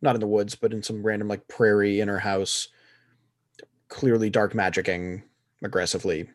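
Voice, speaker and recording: A man's voice: on the low side, little pitch movement, normal speed, no room sound, clean studio sound. A man co-hosting a casual podcast chat, blunt and sarcastic, swearing freely as he sums up a show. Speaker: podcast co-host. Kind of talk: casual chat reviewing a series.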